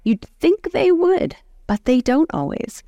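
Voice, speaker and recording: A woman moderating a medical education panel, talking animatedly and acting out quick exchanges with patients. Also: high-pitched, wildly swooping pitch, mellow, no echo, lo-fi sound. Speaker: panel moderator, oncology clinician. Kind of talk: continuing-education panel discussion.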